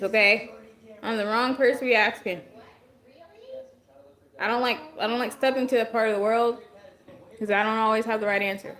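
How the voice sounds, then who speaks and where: Slightly higher-pitched woman chatting on a livestream. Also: steady tone, normal speed, long pauses, a bit bright. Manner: chatty, answers viewer comments as they come in. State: losing her voice. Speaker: livestream host. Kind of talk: casual livestream chat.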